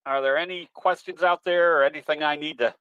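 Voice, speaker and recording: A man answers audience questions in a folksy, easygoing manner, drifting through his points at a relaxed clip. His voice comes through dry with no room sound, and a little dull, like a web call. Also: fairly high pitch, a little fast, clear, resonant tone, no echo. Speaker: guest presenter, trading educator. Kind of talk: webinar Q&A, explaining.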